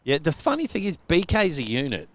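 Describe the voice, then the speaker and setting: A man's voice: a little high, huge pitch swings, a little fast, fairly bright tone, a little hiss or hum. A man with an Australian accent doing casual live cricket commentary, joking and laughing often.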